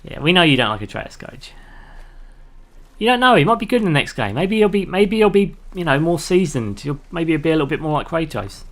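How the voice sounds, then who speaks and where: A man's voice: on the high side, very animated, brisk, fairly bright tone. Man, live streamer, casual gameplay commentary, rambling, chatty, talks to chat. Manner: laughs easily at his own jokes. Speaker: live streamer playing a video game.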